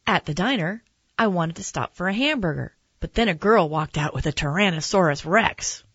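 Woman, storybook reading, gentle, expressive, low pitch, dry close sound. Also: normal speed, husky, no echo, highs cut off. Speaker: narrator. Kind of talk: reading a children's picture book aloud.

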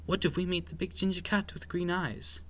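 A man's voice: sits high, steady tone, normal speed, pitched above the performer's own voice, natural voice. A man voicing a small, timid young male mouse who squeals in panic. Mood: worried.

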